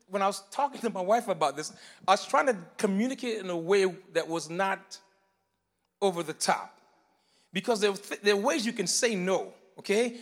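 A male pastor delivers an animated sermon in a high, lively voice. He shifts between shouted emphasis and soft, explanatory asides. The sound rings with long reverb from a church hall. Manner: animated preaching, swinging between loud emphatic bursts and quiet teaching. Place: church sanctuary.

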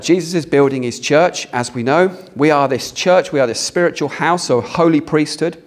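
A man's voice: a little high, moderate pace, hardly any pauses. A British man preaching a sermon in a conversational way, asking the congregation questions. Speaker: pastor. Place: church hall with a congregation.

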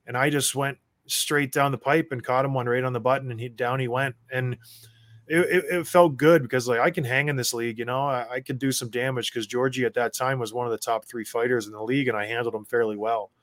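A man, a former hockey enforcer, telling stories as a guest in a casual chat and getting loud as he acts out his own rants. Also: mid-range voice, fairly even intonation, fast, no echo. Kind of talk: casual storytelling.

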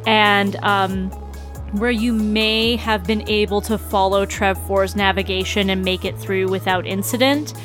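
A woman acting as game master, explaining the results of rolls in a deliberate, amused manner. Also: medium pitch, steady tone, fairly bright tone, soft background music. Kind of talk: running a tabletop game.

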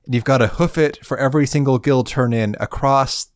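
A man co-host leads a casual podcast chat, moving the talk along with steady, wry remarks. His voice sits at a middling pitch for a man. It is recorded close and dry. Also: a little fast, no echo. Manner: steady, wry, guides the talk and reads quest lines. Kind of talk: casual gaming chat, leading the walkthrough.

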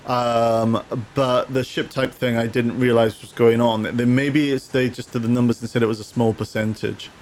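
Halting man chatting casually. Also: medium pitch, little pitch movement, darkish tone, a little hiss or hum. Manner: halting, restarts with repeated words. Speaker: co-host reading viewer comments. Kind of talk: casual gaming podcast chat.

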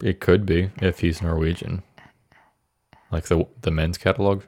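A man with a deep voice, recorded dry and close, casually tells a true-crime story to his co-host. He rambles and fumbles his lines with self-deprecating humor, and he keeps things loose and conversational. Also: flat delivery, normal speed, darkish tone, no room sound. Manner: rambling, self-deprecating, stumbles over words. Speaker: podcast co-host. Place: Indiana.

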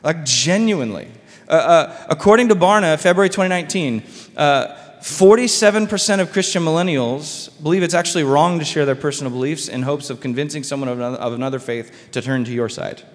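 A man's voice: on the high side, fairly quick. Casual preaching pastor, man, reverberant hall. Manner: casual, conversational preaching with filler words. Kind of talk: sermon. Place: church sanctuary.

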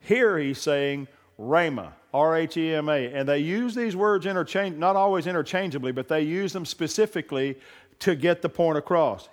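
A man preaching a sermon as pastor, moving from low conversational talk to loud, fervent preaching. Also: moderate pace. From raised on a farm. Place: church hall. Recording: long reverb of a church hall.

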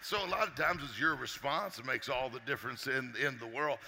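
Bright-voiced man in a reverberant hall. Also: medium pitch, brisk, husky. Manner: energetic, joking, quizzes the crowd. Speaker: success coach. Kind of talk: motivational talk to a live audience. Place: large hall with a live audience.

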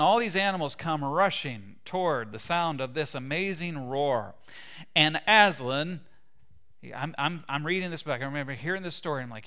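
A middle-aged male pastor delivers his sermon as an animated story. His voice sits a little high and rings bright and clear. He slips into quoted lines now and then.

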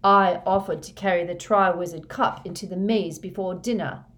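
A woman reading a fanatical young male dark wizard's confession in a flat, hushed monotone. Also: lowish voice, normal speed, close to an everyday voice. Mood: confessing.

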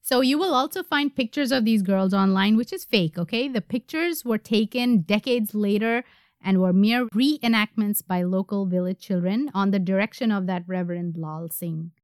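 A woman's voice: medium pitch, normal speed, darkish tone, dry recording, clean studio sound. A woman hosting a podcast, recounting a story in casual chat and laughing easily. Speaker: podcast host.

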